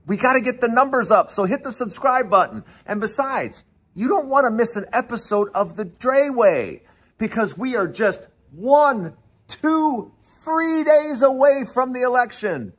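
An excited male host with a high voice that swings up and down a lot. He teases his listeners, stammers and repeats himself as he talks on his own. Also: measured pace, husky. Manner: animated, teasing, repeats and stammers. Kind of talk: excited solo political commentary.

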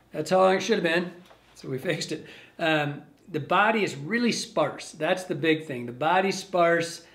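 A man giving a casual step-by-step fly tying demonstration, relaxed and rambling as he thinks aloud while working. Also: a little high.

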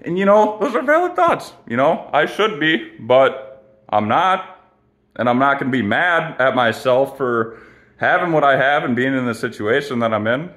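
A man's voice: mid-range voice, sing-song, moderate pace, a bit bright. A young man ranting casually to camera, profane, rambling and argumentative.

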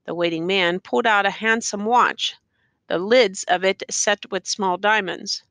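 Bright-voiced woman reading a story. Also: medium pitch, a little slow, dry recording. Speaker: audiobook reader. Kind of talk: reading a short story aloud.

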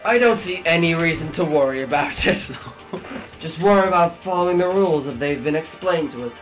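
A man's voice: fairly high pitch, animated, brisk, faint music behind. A young man doing a drunken comic dub of game dialogue, mock-dramatic and sweary. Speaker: player voicing game dialogue.

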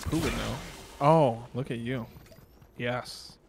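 A man streaming a video game, chatting casually with a teammate and reacting with quick exclamations. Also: medium pitch, creaky, background noise. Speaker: streamer playing a battle royale game. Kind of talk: casual gaming chat.

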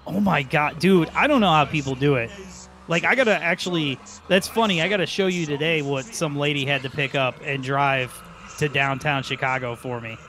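A man's voice: a little high, moderate pace, fairly bright tone. A man chatting casually over a video game, rambling, chuckling and calling his friend "dude". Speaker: let's play co-host. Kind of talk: casual gaming chat.

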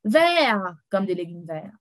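A young woman teaching an online lesson for children, repeating each word slowly and laughing often. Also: medium pitch, sing-song, no echo, rough recording. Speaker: French teacher for kids.

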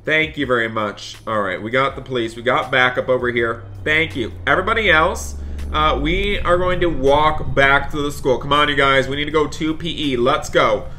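Bright-voiced man in exasperated game roleplay. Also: medium pitch, normal speed. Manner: exasperated, keeps addressing viewers as "you guys". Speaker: gaming roleplayer. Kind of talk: in-character game roleplay commentary.

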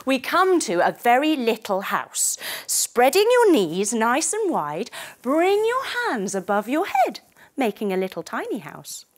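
Animated woman leading kids yoga. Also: on the high side, measured pace. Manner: animated, encouraging, sound effects. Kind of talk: guided yoga storytelling for children.

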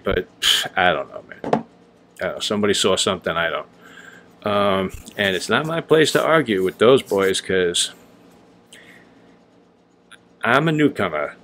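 A man's voice: low-pitched, fairly bright tone. Blunt, swearing man on a casual vlog. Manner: blunt, ranting, swears freely; loose and rambling with many fillers. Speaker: vlogger honing straight razors.

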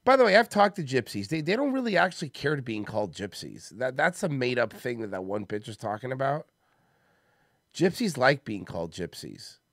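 A man's voice: medium pitch, sing-song, fairly quick, a bit bright, no room sound, studio quality. A man hosting a comedy podcast, rambling and joking in casual banter, worn out from a busy day. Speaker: podcast host.

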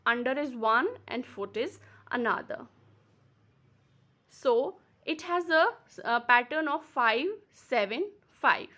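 A woman teacher from Kashmir with an Indian English accent, patiently explaining a lesson and repeating words slowly, syllable by syllable. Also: on the high side, expressive, sharp tone. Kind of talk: slow classroom explanation.

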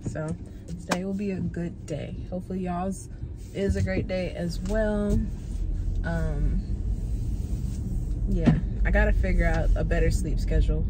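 A woman chatting casually to her vlog camera, blunt and talkative, swearing freely and addressing viewers as "y'all". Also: lowish voice. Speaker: vlogger. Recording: noisy background.

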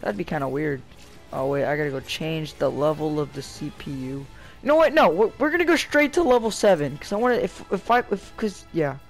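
Excitable high-voiced young man gaming. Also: brisk, creaky, faint music behind. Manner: excitable, rambling, shouts at the game. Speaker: gameplay commentator. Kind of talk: casual gameplay commentary.

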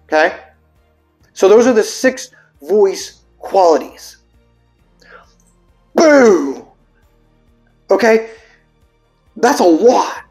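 A man's voice: high-pitched, lively intonation, slow, pauses often, a little mellow, soft background music. A man, a vocal coach, reading terms aloud and reacting with puzzled asides, now and then singing vowels to show them. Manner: breaks into sung vowel demonstrations. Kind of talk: casual explainer video.

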